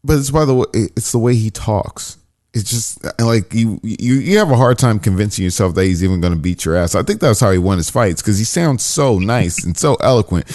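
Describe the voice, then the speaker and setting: A man's voice: on the low side, lively intonation, fairly quick, a little mellow, no echo, studio quality. A man co-hosting a podcast in casual, rambling banter, swearing a lot. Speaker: podcast co-host. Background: music.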